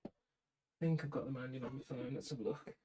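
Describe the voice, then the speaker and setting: Chatting casually to the camera and himself while building a PC, a British vlogger speaks quickly in a steady, dark, mid-range voice with muttered asides. The recording is low quality, with slight background noise.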